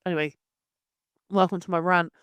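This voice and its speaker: A woman's voice: lowish voice, steady tone, normal speed, fairly bright tone, clean tone, no echo. Blunt, exasperated woman host. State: unwell. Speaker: podcast host. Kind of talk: ranting solo podcast.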